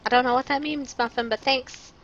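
A woman's voice: high-pitched, steady tone, brisk, a bit bright, muffled recording, a little hiss or hum. A young woman streaming a video game live, chatting with her viewers and joking as she panics at what happens on screen. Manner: jokey, panicky, talks to chat. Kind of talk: live gameplay commentary.

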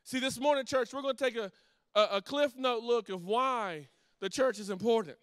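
A middle-aged man preaching a sermon as pastor, telling a story with lively restarts and asides to the congregation. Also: extremely high pitch, normal speed, clean tone, dry recording.

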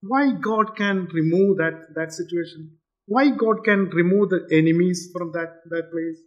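A man preaching a sermon in a church, halting with frequent fillers and restarts. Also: high-pitched, muffled recording. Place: church hall.

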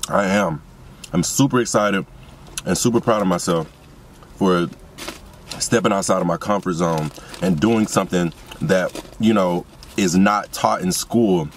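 A young man talks low and a little deep, rambling with excitement as he speaks straight to his viewers. He records on a phone in a parked car. Faint car and street noise sits behind him. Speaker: vlogger and seasoning business owner. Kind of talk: casual car vlog while eating.

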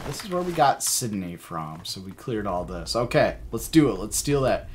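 A man streaming a game live, giving excitable, jokey commentary, swearing and laughing often. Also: lowish voice, moderate pace, hardly any pauses, slight background noise.

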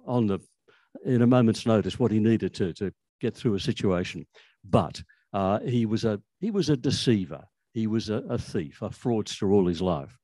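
A man's voice: mid-range voice, warm tone, no room sound. An older Australian man giving a conversational, anecdotal talk about language history, with frequent restarts. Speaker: author speaking on language history.

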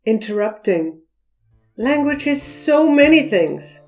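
A woman's voice: high-pitched, sing-song, darkish tone, soft background music. A woman explaining cultural communication in a video lesson, acting out example phrases as she goes. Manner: slow, deliberate explaining, acting out quoted voices. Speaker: cross-cultural communication teacher.

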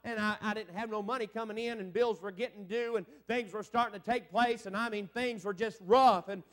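High-voiced fervent revival preacher. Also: male voice, fairly even intonation, brisk. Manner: fervent storytelling preacher, keeps repeating "boy, I'm telling you" and "amen"; swings from low, hushed telling to loud, high preaching peaks. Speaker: evangelist preacher. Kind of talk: revival sermon.

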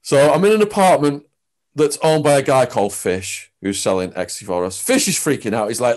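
A man with an English accent, a guest in a sit-down interview, telling his story in an animated way with big swings in pitch and loudness. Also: moderate pace. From England.

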